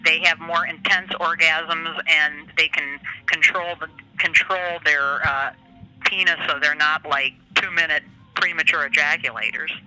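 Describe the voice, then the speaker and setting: A woman's voice: low voice, fairly even intonation, unhurried, sharp tone, no echo. Frank woman on a thin phone line. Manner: frank, chatty. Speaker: guest columnist.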